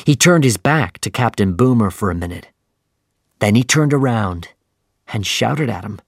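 A man narrating a simplified sea novel in a slow, clear, even storytelling manner. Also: lowish voice, no room sound, clean studio sound. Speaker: audiobook narrator.

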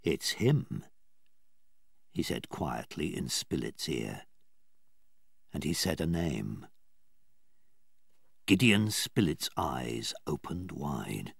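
A man narrating a storybook in a slow, clear and expressive way. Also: extremely low pitch, no echo, clean studio sound. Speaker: audiobook narrator.

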